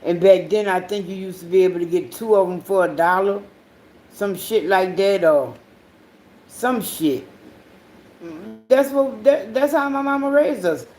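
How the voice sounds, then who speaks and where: A woman with a mid-range voice talks straight through a loose, unscripted podcast monologue. She swears almost every sentence and tells stories in a rambling way. Her delivery jumps between loud, animated bursts and quiet asides. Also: medium pitch, a little slow. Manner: profane, rambling storytelling with frequent swearing. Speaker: podcast host. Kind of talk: casual monologue.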